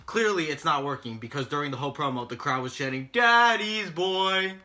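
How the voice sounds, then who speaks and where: A man's voice: medium pitch, fast, sharp tone. A man co-hosting a casual talk show, ranting in an exasperated, mocking way and swearing often. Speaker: podcast co-host recapping wrestling. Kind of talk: casual profane rant.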